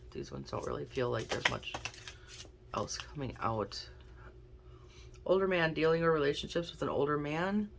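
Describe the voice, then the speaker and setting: A woman's voice: low voice, vocal fry, background noise. Chatty woman giving a card reading. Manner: chatty, thinks aloud while drawing cards. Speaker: intuitive card reader. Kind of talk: casual tarot and oracle card reading.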